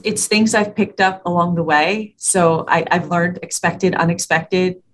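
A school administrator and parenting educator speaks a little slowly in a fairly low voice, with a bit of hiss or hum on the recording. She's being interviewed casually about working with kids and parents. She performs the conversations she recounts like an animated storyteller.

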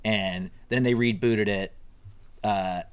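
A man on a podcast in casual chat, rambling and self-deprecating, with sudden leaps up in pitch as he talks. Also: fairly even intonation, slow pace, clear, resonant tone. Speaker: podcast co-host. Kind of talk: casual chat recapping a TV episode.

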